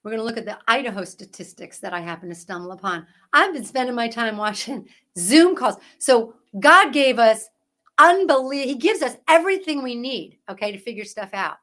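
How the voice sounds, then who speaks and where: Female podcast host, high voice, fervent preachy commentary, punchy rhetorical questions. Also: lively intonation, moderate pace, a bit bright. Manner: parent. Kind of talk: impassioned Christian commentary.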